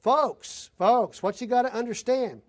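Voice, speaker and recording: A man's voice: very high voice, a little slow. A man preaching a conversational sermon to his congregation, telling stories and talking straight to the folks in the room. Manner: conversational preaching, addresses folks directly, tells anecdotes. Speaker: pastor.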